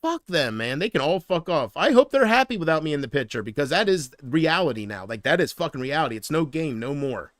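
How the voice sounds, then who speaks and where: A man on a livestream vents in an agitated, profane rant and answers his chat as he goes. His voice sits a bit high for a man. The sound is close and dry, with no room echo. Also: very animated, brisk, hardly any pauses, fairly bright tone. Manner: reads viewer comments aloud. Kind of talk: live-stream rant to chat.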